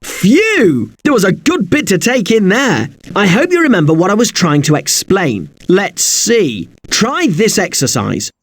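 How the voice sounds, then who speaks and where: A man teaching an English spelling lesson, spelling words out slowly letter by letter. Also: high-pitched, big pitch swings.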